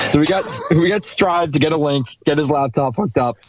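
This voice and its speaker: Young male podcast co-host, upbeat storyteller, fairly high pitch, dry close mic. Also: moderate pace, no room sound, low-quality recording. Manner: laughing, lively storyteller. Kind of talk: casual storytelling chat.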